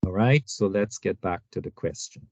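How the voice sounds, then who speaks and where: A male instructor walks through a finance lesson on a screen recording step by step, often checking in with "all right" and "right?". His low voice is a little mellow at a moderate pace, with no room sound and a dull, dry lo-fi quality.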